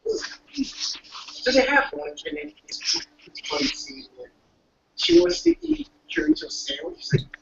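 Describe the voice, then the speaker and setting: Rambly show recap, high and gravelly, heard from far off on a muffled mic. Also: unhurried, long pauses, background noise. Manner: rambling, restarting, acting out quotes. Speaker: anime recapper. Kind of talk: casual episode recap. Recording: distant, dull lo-fi mic.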